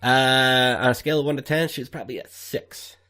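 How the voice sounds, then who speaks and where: A man's voice: medium pitch, fairly even intonation, brisk, bright, forceful tone. A man chatting casually on a comedy podcast, laid-back and a little hesitant.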